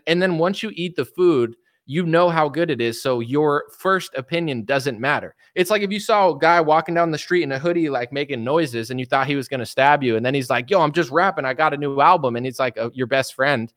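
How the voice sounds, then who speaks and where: A man's voice: fairly high pitch, a little fast, few pauses, fairly bright tone, no room sound, clean studio sound. A young man hosting a livestream, talking casually and animatedly, rambling and mimicking imagined people. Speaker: streamer host.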